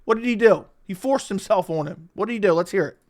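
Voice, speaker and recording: A man's voice: high-pitched, fast talker, darkish tone. Guy ranting sarcastically, lots of swearing, reaction commentary. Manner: sarcastic, profane, mocking. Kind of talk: reaction commentary on interview clips.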